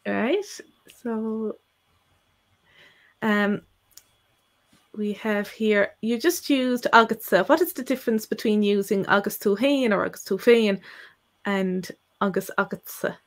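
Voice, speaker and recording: A woman's voice: medium pitch, unhurried, long pauses. A woman co-hosting a live-stream language Q&A, explaining at length with frequent fillers and restarts. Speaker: co-host and Irish language teacher.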